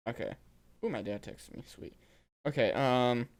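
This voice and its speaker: A young man hosts a casual podcast, rambling through stories between bursts of laughter. He sits at a middling pitch for a man, relaxed and chatty. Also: moderate pace. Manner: rambling storyteller, laughs often. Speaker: podcast host.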